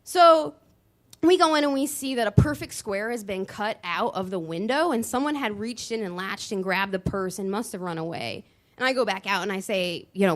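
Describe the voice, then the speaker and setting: A woman telling a personal story on stage at a live show, animated, with dramatic pauses and voice shifts. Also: medium pitch. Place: dance studio venue, live show.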